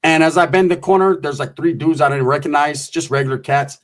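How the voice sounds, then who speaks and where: A man spins a long, rambling story, cursing freely and dropping slang. His voice sits a bit higher than most men's. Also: steady tone, fairly quick. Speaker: comedic storyteller. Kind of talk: casual storytelling.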